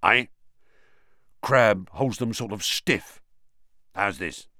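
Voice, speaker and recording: Brief: man doing an excitable teen sidekick, audiobook reading. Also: fairly low pitch, no echo, clean studio sound. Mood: eager. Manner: excitable, quick to blurt. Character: eager teenage schoolboy sidekick.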